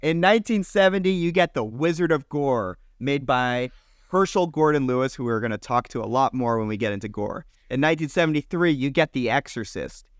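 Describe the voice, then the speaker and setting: A man's voice: mid-range voice, lively intonation, clear, resonant tone, no echo, studio quality. Enthusiastic man rattling off film history. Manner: enthusiastic, listing years in quick bursts, swears casually. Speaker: podcast co-host. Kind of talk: casual chat, film history rundown.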